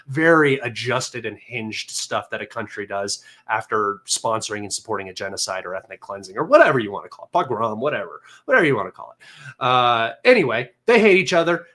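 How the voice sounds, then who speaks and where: A man hosting a livestream, talking in a mocking, sarcastic and combative way, excitable and a little manic. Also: medium pitch, fairly quick. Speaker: livestream host. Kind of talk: casual livestream commentary.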